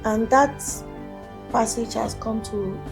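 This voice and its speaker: A woman's voice: fairly high pitch, slow, creaky, over music. A woman singer, a guest in an interview, telling her story with animation and acting out other people's voices when she quotes them.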